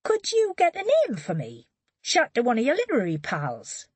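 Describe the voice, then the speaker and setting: A woman's voice: a little high, wildly swooping pitch, moderate pace, a little mellow, slightly rough, dry recording, voice pushed up, exaggerated voice. A woman voicing a blunt middle-aged woman detective who asks direct, probing questions, in an audiobook reading.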